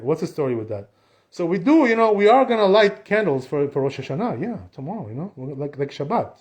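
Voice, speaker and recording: A man teaching as a rabbi in a synagogue, in a casual, chatty way, filling his talk with "you know". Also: a little high. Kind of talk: casual spoken class.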